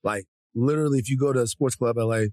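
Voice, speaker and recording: A man's voice: medium pitch, quick pace, dry recording. A male podcast co-host telling a story with energy and profanity, acting out the people in it. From Africa. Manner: lively, profane, mimics people in his stories. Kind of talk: animated storytelling chat.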